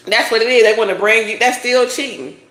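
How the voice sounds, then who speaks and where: A woman's voice: on the high side, fairly quick, a bit bright, echoey room. A woman doing a casual tarot reading, talking bluntly with lots of swearing and preachy advice. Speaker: tarot reader.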